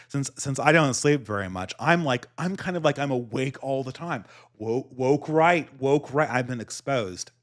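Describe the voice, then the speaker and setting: An American podcast host with a Californian accent and a slight lisp chats casually, telling rambling stories full of restarts and frequent laughs. His medium-pitched voice is animated and fairly bright, moving at normal speed with hardly any pauses.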